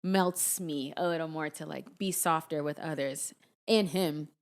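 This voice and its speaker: A woman's voice: low voice, unhurried. Laughing young woman telling stories. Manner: laughs often, animated storytelling. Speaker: podcast co-host. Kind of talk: casual chat.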